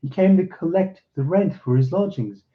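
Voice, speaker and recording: A man voices a bold, cunning young swordsman, using a fairly high, emphatic tone that sounds raised and commanding yet only lightly acted. He speaks at a moderate pace, and the recording is dull, lo-fi, and echoey.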